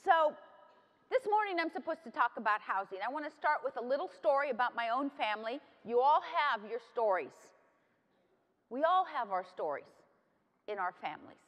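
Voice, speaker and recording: High-voiced woman telling a family story. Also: very animated, normal speed. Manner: warm storytelling that slips into Spanish phrases. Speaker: congresswoman moderating a policy panel. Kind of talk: personal storytelling speech. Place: large conference hall. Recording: long hall reverb.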